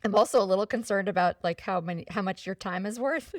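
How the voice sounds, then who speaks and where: A woman hosting a podcast, who laughs easily and keeps up a warm, casual back-and-forth. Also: mid-range voice, fast talker, no echo, clean studio sound, distant mic. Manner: laughs easily, gives short affirmations. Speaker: podcast host. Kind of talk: casual conversational interview.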